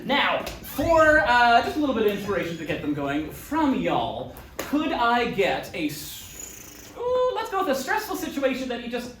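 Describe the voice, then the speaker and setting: A man's voice: extremely high pitch, huge pitch swings, moderate pace, a bit bright, slight background noise. A man who teaches improv, hosting a live show and joking playfully with the crowd. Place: theater stage. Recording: echoey theater, distant mic, crowd. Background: audience laughter.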